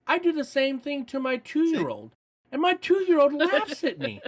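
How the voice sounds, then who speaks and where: A man's voice: very high-pitched, wildly swooping pitch, a little slow. A man guesting on a podcast in casual chat, joking in a playfully over-the-top way.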